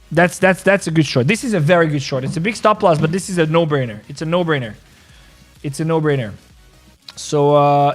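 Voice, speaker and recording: Man, high voice, excitable live-stream host, repeats himself, faint music behind. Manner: excitable, repeats himself, calls people bro. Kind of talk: casual live-stream trading chat.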